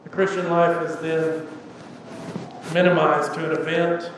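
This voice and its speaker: A man's voice: a little high, flat delivery, a little slow. A middle-aged man preaching a sermon as pastor, conversational, with frequent rhetorical asides. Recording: echoey hall, distant mic, faint noise.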